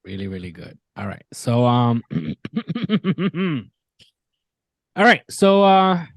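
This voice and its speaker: A man's voice: on the high side, extremely slow, no echo. A man co-hosting a podcast in casual chat, animatedly retelling a TV show and swearing freely. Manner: animated storyteller, swears freely, retells scenes with quoted voices. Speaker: podcast co-host.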